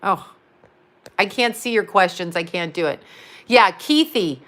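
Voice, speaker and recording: Animated but unhurried, with a medium pitch that's a bit bright, this psychic and astrologer chats casually with her live stream audience. She's blunt and rambling, laughing a lot and swearing freely.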